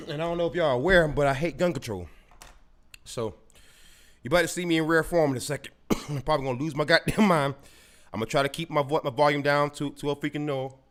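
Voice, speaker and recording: A man's voice: a little high, fast, a bit bright. A man hosting a solo podcast, ranting with heavy profanity, repeating and stumbling over his words as he gets heated. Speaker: podcast host. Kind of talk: solo political rant podcast.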